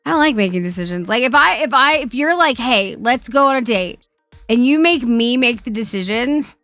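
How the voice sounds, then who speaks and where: Female streamer host with a bright, fairly high voice, loose and profane. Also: animated, normal speed, dry recording, soft background music. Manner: chatty, laughs often, swears freely. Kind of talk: casual chat.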